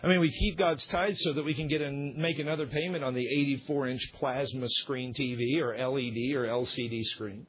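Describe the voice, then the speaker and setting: A man's voice: medium pitch, steady tone, fairly quick, few pauses, slightly rough, lo-fi sound. A man pastor delivering an emphatic, repetitive sermon.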